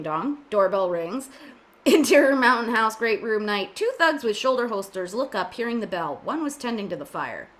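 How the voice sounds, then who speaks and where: A woman's voice: medium pitch, fairly bright tone. A woman reading the stage directions aloud in an amateur script reading, adding joking asides as she goes.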